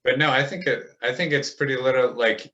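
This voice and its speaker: A man's voice: medium pitch, a little fast, bright, forceful tone. A man talking as a podcast guest in casual conversation, emphatic and indignant, swearing casually. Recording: slightly muffled lo-fi audio.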